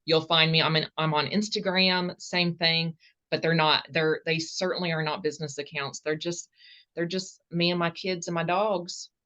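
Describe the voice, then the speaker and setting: Southern woman with a low, earnest voice. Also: fairly even intonation, pushed and bright. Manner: earnest, halting, restarts phrases. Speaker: podcast guest, author. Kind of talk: casual interview answers.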